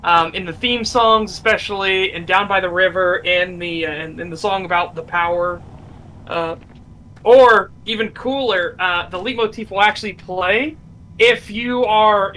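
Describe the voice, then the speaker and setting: A male streamer with a high, bright voice, talking in an excitable, casual way and swearing freely. Faint room ambience hums behind him. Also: slight background noise, poor audio. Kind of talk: casual gaming chat.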